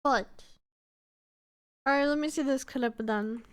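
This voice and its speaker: A woman livestreamer banters casually with her chat, greeting viewers by name and teasing them with lots of profanity. Her voice is high-pitched and her pace slightly slow.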